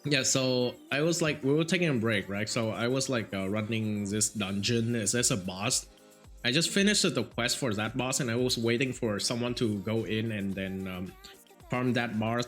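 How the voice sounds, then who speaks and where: Halting Vietnamese-accented young man. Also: fairly low pitch, a bit bright. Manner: rambling, halting storytelling with many fillers and restarts. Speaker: streamer. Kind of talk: casual chat. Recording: faint music behind.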